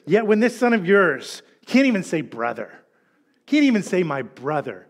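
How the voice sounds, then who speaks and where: A middle-aged male pastor giving a sermon, telling a story with animated delivery and acted-out quotes. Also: on the high side, normal speed.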